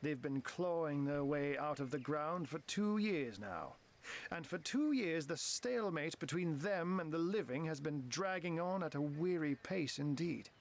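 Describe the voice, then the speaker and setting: Playing a refined, quick-witted game wizard turned talking cat, an actor strings together ornate phrases loaded with feline puns. His voice is on the high side, with lively intonation and an unhurried tempo.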